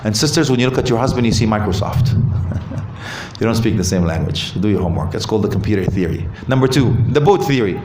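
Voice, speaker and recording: A man giving a lively talk on marriage at a mosque, asking the audience questions and joking. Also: on the low side, fast, noisy background. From Canada. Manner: animated, asks the audience questions, jokes. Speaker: visiting Islamic speaker. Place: mosque hall. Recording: roomy hall with faint ambience.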